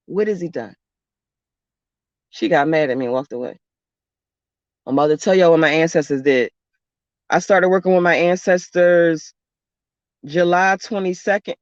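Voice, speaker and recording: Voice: medium pitch, dry recording. Rambly cussing spiritual vlogger, dry muffled lo-fi sound. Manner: blunt, profane, rambling storyteller. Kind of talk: casual spiritual monologue. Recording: dull lo-fi dry recording.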